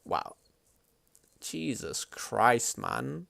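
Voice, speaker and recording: A man streaming live at his computer, chatting casually in an excitable, slangy, swear-heavy way. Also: medium pitch, drawn-out words, vocal fry, no room sound.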